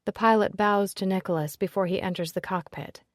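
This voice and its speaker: A woman reading a first-person audiobook in an expressive, emotional storytelling manner. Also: medium pitch, brisk, no echo, clean studio sound. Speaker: audiobook narrator.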